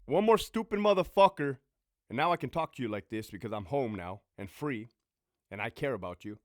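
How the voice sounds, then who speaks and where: At home, a middle-aged man who served in the military and later as a prison sergeant gives coarse, no-nonsense advice through a storytelling monologue. The recording is clean and studio-like with no room sound, and his voice is fairly high and a touch bright.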